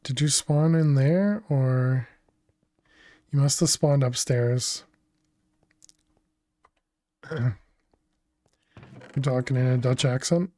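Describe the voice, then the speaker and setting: A man streaming a video game, chatting casually as he thinks aloud and answers his chat, often laughing. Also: medium pitch. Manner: laughs often, relaxed and unhurried. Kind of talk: casual gaming livestream commentary.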